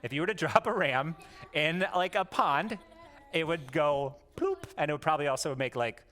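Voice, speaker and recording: A man's voice: fairly high pitch, moderate pace, fairly bright tone. A man giving a playful home lesson to his young daughters, coaxing them to repeat words and joking as he goes. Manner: goofy, jokey, coaxing. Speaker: homeschooling parent teaching his daughters.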